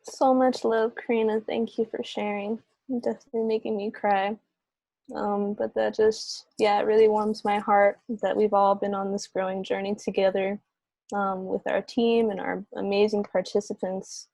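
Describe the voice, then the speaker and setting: A woman facilitator on a video call, giving soft closing remarks and leading a breathing exercise, with many fillers. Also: mid-range voice, little pitch movement, normal speed, vocal fry, no echo. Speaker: program facilitator.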